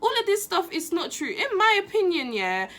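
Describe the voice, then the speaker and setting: A woman's voice: extremely high pitch, very animated, normal speed, fairly bright tone. A young woman talking in a casual opinion vlog, impassioned and emphatic, repeating phrases for stress. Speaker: vlogger.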